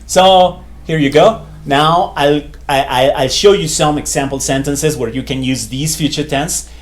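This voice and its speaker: A man's voice: on the high side, measured pace. A man teaching a beginner Spanish grammar lesson in a chatty, loose way, full of fillers and repeated phrases. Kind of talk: casual whiteboard lesson.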